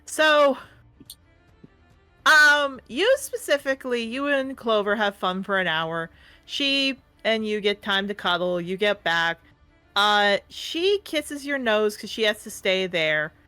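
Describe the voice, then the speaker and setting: A woman's voice: mid-range voice, animated, slow pace, bright, forceful tone, smooth, soft background music. A woman narrating as game master of a tabletop game, chatty and often laughing. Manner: laughing, chatty, addresses the audience.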